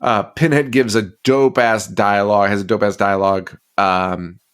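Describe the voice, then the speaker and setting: A man's voice: on the low side, steady tone, moderate pace, a bit bright, clear, resonant tone. A man co-hosting a podcast, recapping a movie in casual chat, swearing constantly and rambling with fillers. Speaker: podcast co-host.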